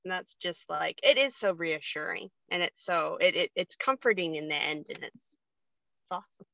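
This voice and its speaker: This podcast host, a woman, gushes chattily about books that moved her and laughs easily in casual chat. Her voice runs on the low side, creaky and sharp, with lively intonation at a normal speed, and there's no room sound.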